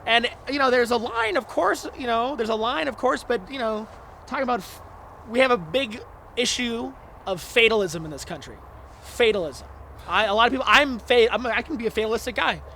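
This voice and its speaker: A man, a stand-up comedian guest, talking in a halting, deadpan, sarcastic way in casual chat. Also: very high-pitched, creaky, slight background noise.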